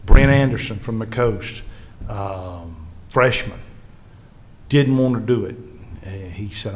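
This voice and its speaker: With a voice on the low side and an unhurried delivery, this male state legislative leader tells earnest stories to a history panel audience. He acts out his colleagues' words with animation, and there's slight background noise.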